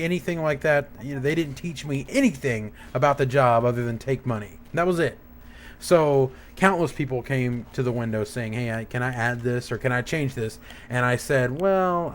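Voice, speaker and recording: A young man hosting a gaming channel, telling a rambling, profanity-laced story in a casual, heated rant. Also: mid-range voice.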